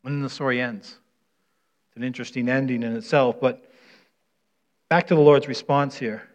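A man's voice: mid-range voice, steady tone, moderate pace. A middle-aged man preaching a conversational sermon, telling stories in a folksy way and often restarting or repeating words. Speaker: pastor. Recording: dull lo-fi sound.

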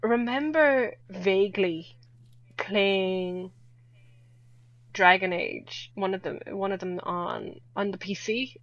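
A young Irish woman chats casually as a guest, laughing often and poking fun at herself. Her mid-range voice moves at a slow pace. The audio is dull, lo-fi and dry, with no room sound.

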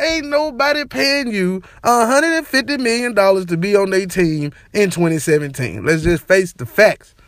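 A young man with a high voice delivers a casual opinion rant straight to camera. He talks in slang, repeats his catchphrases and keeps things animated. The sound is close and dry with no room echo. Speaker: sports and entertainment vlogger.

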